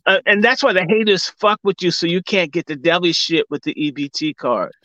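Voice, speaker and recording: A man from Washington, D.C., telling a comic story in casual talk, profane and animated, laughing often and acting out what people said. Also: high-pitched, fairly quick, dry recording, muffled recording. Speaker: commentator.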